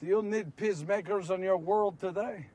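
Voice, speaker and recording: Man playing an earnest apostle, high voice, storytelling, rhetorical questions, mic at a distance, outdoors. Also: normal speed. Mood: fervent. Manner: storytelling, rhetorical questions to listeners, builds to shouts. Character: earnest male apostle recalling miracles to a crowd. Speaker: actor in a one-man biblical monologue. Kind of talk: first-person dramatic monologue. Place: outdoors on location.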